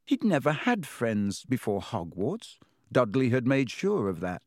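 A man narrating a children's novel in a measured storytelling manner. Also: medium pitch, sing-song, dry recording, studio quality. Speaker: audiobook narrator. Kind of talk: scripted narration.

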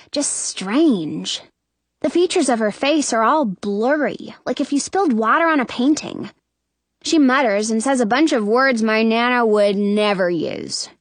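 Woman reading a kids' book aloud, high voice, sassy and lively, super dry close mic. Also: dry recording. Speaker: audiobook narrator. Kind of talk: first-person children's story reading.

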